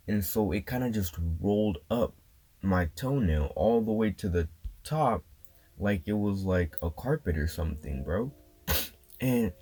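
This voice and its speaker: Low-voiced young man telling a story over guitar. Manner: slangy, animated retelling with fillers. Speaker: vlogger. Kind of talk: casual storytelling. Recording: guitar music playing underneath.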